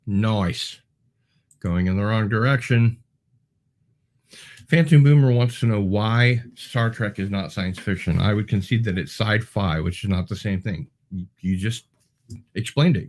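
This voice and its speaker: Lower-voiced man rambling through viewer comments. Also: animated, a little slow. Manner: rambling and digressive, with many ums and restarts. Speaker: show host. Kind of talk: casual livestream chat, answering viewer comments.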